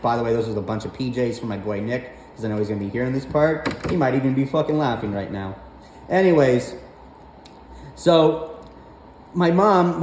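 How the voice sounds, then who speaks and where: A man's voice: a little high, echoey room, a little hiss or hum, low-quality recording. A man telling a rant-filled personal story, swearing often and sounding exasperated. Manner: profane, animated, exasperated.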